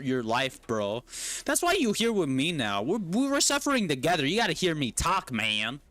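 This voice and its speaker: Male gaming streamer, high and animated, loud crude reactions. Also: dry recording. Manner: excitable, crude, joking, lots of yelling and laughing. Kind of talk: casual livestream commentary.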